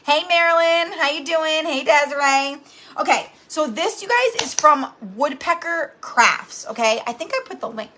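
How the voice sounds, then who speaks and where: A woman's voice: high voice, expressive, normal speed, pushed and bright, a little hiss or hum. A woman in her thirties hosting a live craft tutorial from home, chatty and bubbly, greeting viewers by name as she talks. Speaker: craft channel host.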